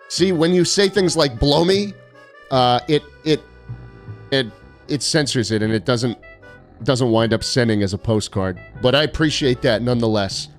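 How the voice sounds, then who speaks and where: A man's voice: mid-range voice, lively intonation, moderate pace, soft background music. A young man live-streaming a game, joking and sarcastic as he reads out viewer postcards. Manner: sarcastic, joking, mock-arrogant.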